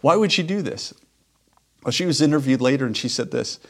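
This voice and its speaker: A man's voice: mid-range voice, lively intonation, fairly quick. Earnest man preaching a sermon. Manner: earnest, emphatic preaching with repetition. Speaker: pastor.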